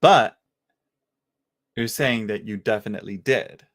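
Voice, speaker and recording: A man giving casual live tarot readings to viewers from home, chatty and halting, with frequent restarts and filler words. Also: on the low side. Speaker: tarot reader.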